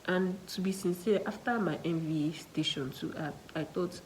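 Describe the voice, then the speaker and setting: A young Nigerian woman, a student nurse, telling a story to her viewers in a casual, animated way, with local slang in her speech. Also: lowish voice, moderate pace, hardly any pauses, slight background noise, poor audio.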